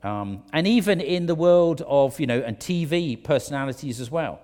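A man's voice: fairly high pitch, animated, normal speed, darkish tone. A man preaching a conversational sermon in a church, hesitant, with many ums, you-knows and restarts. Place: church auditorium. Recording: long reverb of a church hall.

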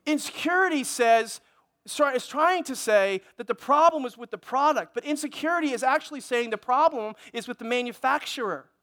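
A man's voice: very high voice, sharp tone. A middle-aged man, a pastor, preaching an impassioned sermon and calling for amens from the congregation.

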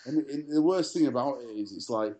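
A man's voice: medium pitch, fairly quick, mellow. A man co-hosting a casual sports chat show, telling stories full of fillers and restarts. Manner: chatty storyteller, many fillers and restarts. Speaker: podcast co-host.

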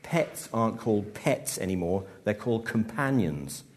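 A man's voice: fairly low pitch, animated, normal speed, lightly acted. A man voicing a glum male comedian who grumbles and complains, in a story read aloud. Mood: grumbling.

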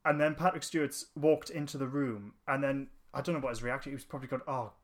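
This male podcast co-host talks fast in a mid-range voice. Chatting casually, he spins out a long, meandering anecdote packed with fillers and false starts.

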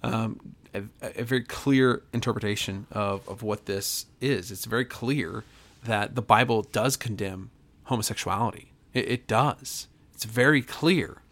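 A man's voice: fairly low pitch, unhurried, fairly bright tone. A man, a pastor, preaching to his podcast audience in an earnest, emphatic way, often repeating himself and restarting phrases.

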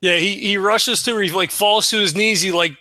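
A man playing a tabletop role-playing game, telling his character's actions in a halting way with many fillers. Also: sits high, fairly even intonation, sharp tone. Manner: halting, full of fillers, acts out anguished cries. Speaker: player.

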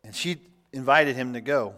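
A man preaching a sermon as pastor, reading scripture aloud and adding relaxed, humorous asides. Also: mid-range voice, normal speed. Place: church sanctuary. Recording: church hall with long reverb.

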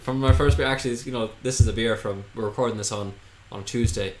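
A man's voice: mid-range voice, steady tone, fast. A young man co-hosts a podcast in easy, rambling conversation, padding his sentences with fillers. His voice bounces around a reverberant room. A faint hiss sits under the recording. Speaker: podcast co-host. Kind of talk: casual chat. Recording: echoey room, faint noise.

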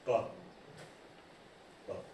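A man preaching a lively sermon as pastor, acting out quoted voices as he goes. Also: extremely slow, slight background noise. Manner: animated, acts out quoted voices. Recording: echoey room from far off.

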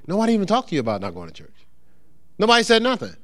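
A middle-aged pastor preaches a sermon in church in a loose, conversational style, racing along in a fairly high, fairly bright voice. His pitch swoops wildly up and down as he slips into the voices of the people he describes.

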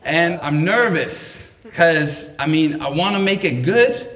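A man spins a funny personal story live, wry and self-deprecating, in a fairly high voice at a relaxed, unhurried pace. His voice carries through an echoey room with faint background noise. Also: far from the mic. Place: live event at a public library.

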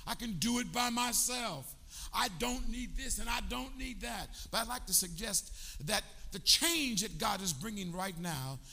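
A man's voice: sits high, vocal fry, pushed and bright. An older man preaching a sermon, urging his congregation to answer him back. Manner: preaching with call-and-response to the congregation. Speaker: pastor. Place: church sanctuary. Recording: long church hall reverb.

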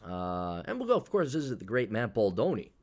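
A man's voice: fairly low pitch, huge pitch swings, a little fast, darkish tone. A man hosting a casual solo podcast, talking in a blunt, profane, sarcastic way, rambling with fillers. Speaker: podcast host.

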